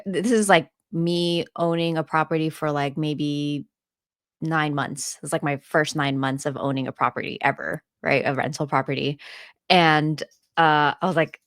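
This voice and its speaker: A woman's voice: low-pitched, fairly even intonation, unhurried, no room sound, studio quality. A woman co-hosting a podcast, telling a story in casual chat and laughing often as she retells it. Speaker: podcast co-host and landlord.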